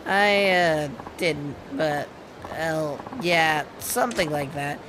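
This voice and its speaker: A streamer voicing a nervous young boyfriend in a game, halting and hesitant as he reads the lines. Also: medium pitch, noisy background, close to an everyday voice. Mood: sheepish. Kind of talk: reading game dialogue aloud.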